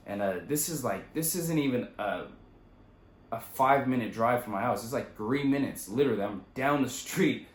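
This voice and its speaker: A young man casually retelling his own story in a loose, profane, animated way. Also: mid-range voice, moderate pace, roomy sound. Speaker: vlogger.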